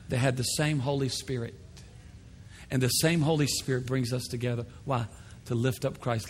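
A man preaching a lively sermon as pastor, acting out the voices of other people in bursts. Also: medium pitch, gravelly, a little hiss or hum. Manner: animated, acts out voices of others. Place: church sanctuary. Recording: long hall reverb.

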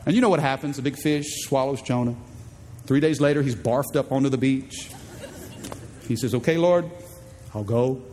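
A man preaching a sermon as pastor, animated and playful, acting out voices in the stories he tells. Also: normal speed, pauses often, in a large hall, slight background noise. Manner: animated, acts out quoted voices in high pitch.

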